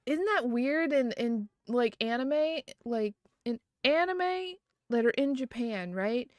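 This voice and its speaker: A woman's voice: fairly high pitch, expressive, slow pace, dry recording, clean studio sound. A woman streaming live, chatting casually and giggling often, with lots of fillers.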